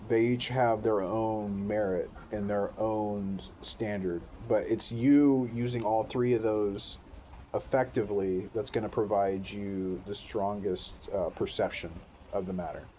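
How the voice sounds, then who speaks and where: A man's voice: lowish voice, steady tone, dark tone. A man in his forties, talking outdoors in a rambling, reflective, casual way and swearing now and then. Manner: musing, unhurried, casual with swearing. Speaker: vlogger. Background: faint wind noise.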